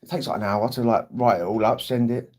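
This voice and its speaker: A man's voice: mid-range voice, fairly even intonation, brisk, darkish tone. Chatty British man on a livestream. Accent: British English. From England. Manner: chatty, rambling, swears freely, acts out quotes. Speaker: livestream host. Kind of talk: casual livestream chat.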